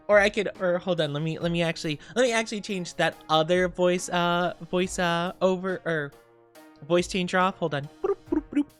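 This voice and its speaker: A woman's voice: on the low side, smooth. A woman streaming live, chatting casually and reading chat, giggly and rambling, her voice slightly scratchy today. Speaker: VTuber streamer.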